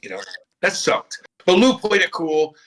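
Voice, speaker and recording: A man's voice: high voice, normal speed. A middle-aged man, a former pro hockey player, telling stories in a casual podcast chat, acting out quotes and swearing freely. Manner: animated storyteller, acts out quotes, swears freely.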